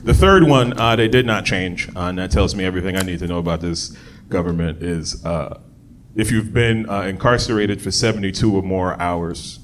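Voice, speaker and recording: A man's voice: sits low, moderate pace, a little hiss or hum. A man performing a stand-up comedy set on a club stage into a handheld mic, chatty and laughing at his own jokes. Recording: live club with audience crowd.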